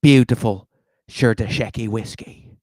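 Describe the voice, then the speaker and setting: A man's voice: lowish voice, a little slow, a little mellow, no room sound, natural voice. A man putting on a hammy fake Irish brogue. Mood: hammy boastful. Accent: put-on Irish. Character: exaggerated Irish man hawking whiskey.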